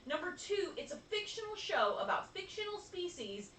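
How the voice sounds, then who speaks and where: A woman co-hosting a casual chat, animated and laughing often. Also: very high-pitched, normal speed, echoey room, far from the mic, slight background noise. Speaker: podcast co-host.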